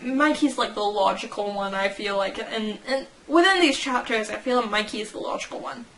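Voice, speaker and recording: A woman's voice: medium pitch, moderate pace, fairly bright tone, poor audio. A young woman hosting a fan channel, reading and reacting in a casual, rambling way, giggling and stopping to correct herself.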